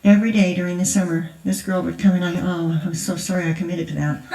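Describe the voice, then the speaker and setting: A woman's voice: fairly low pitch, steady tone, quick pace, warm tone. An older woman, a grandmother, speaking at a conference in a chatty, laughing storytelling manner. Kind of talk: storytelling testimony. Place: large church hall. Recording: echoey hall, voice from far off.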